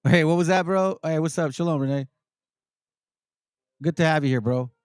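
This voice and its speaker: A man's voice: a little high, moderate pace, a little mellow, clear, resonant tone, no echo. A man teaching scripture in a casual, slang-laced style, reading verses aloud and explaining them.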